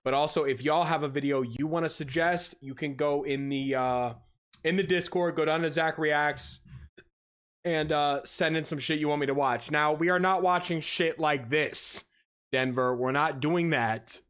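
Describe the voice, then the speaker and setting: A man hosts a livestream, reacting to videos and chatting casually with his audience in a somewhat high voice. He's animated and teasing, his pitch jumping upward when he greets viewers, and he laughs often.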